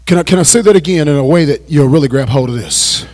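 A man preaching a sermon as pastor at a Bible study, repeating phrases and building to shouted climaxes. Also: a little high, fast. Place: church.

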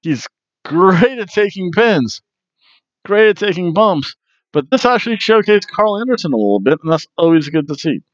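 A man's voice: high voice, very animated, moderate pace, dry recording, dull audio. A man hosting a wrestling review podcast, talking casually and jokily, with plenty of fillers and restarts. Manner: rambling and jokey, with many fillers and restarts.

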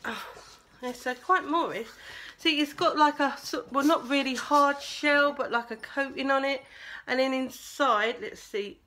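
Bright-voiced chatty woman vlogger. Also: sits high, a little slow. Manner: chatty, talking with her mouth full while eating sweets. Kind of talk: casual taste-test vlog.

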